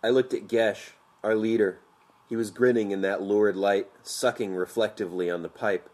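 A man narrating an audiobook in a measured, vivid storytelling manner. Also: lowish voice, fairly even intonation, a little mellow.

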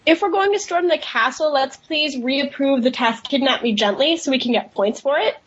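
Female panelist, high bright pitch, playful, dull line with faint hiss. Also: moderate pace. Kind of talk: panel discussion.

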